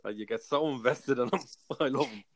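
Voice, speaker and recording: A man's voice: medium pitch, brisk, no room sound. A man, co-hosting a podcast in an upbeat, casual chat. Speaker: podcast co-host. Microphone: remote call mic.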